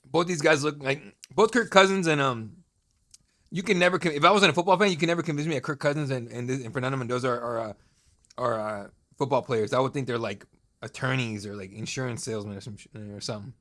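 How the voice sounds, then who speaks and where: A man in his thirties, his voice medium-pitched, quick, and a bit bright, runs a live draft stream from a home streaming setup with a desk mic. The casual commentary is loose and joking, with plenty of crude, profane back-and-forth with viewers.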